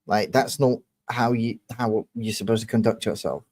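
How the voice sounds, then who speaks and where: A man's voice: on the low side, moderate pace, a little mellow. A young man hosting a livestream, ranting angrily and swearing while confronting a commenter. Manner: angry, profane, confrontational. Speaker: livestream host. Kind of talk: heated livestream rant.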